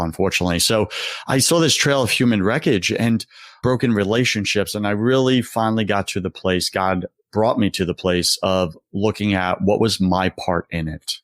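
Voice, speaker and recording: A man's voice: lowish voice, a bit bright, dry recording, studio quality. A man talking as a guest coach in a casual interview, passionate and preacher-like, acting out voices as he speaks. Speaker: executive confidence coach, guest.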